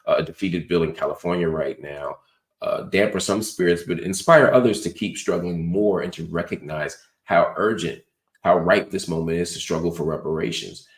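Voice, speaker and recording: A man with a very low, deep voice hosts a casual talk-show monologue. He sounds middle-aged and relaxed, and he reads viewer comments aloud in an easy, conversational way. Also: moderate pace. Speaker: show host.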